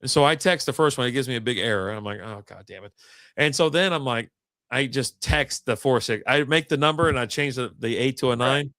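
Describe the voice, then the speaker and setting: Profane, animated man telling a story. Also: mid-range voice, a little fast, no room sound, clean studio sound. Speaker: podcast host. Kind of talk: casual storytelling chat.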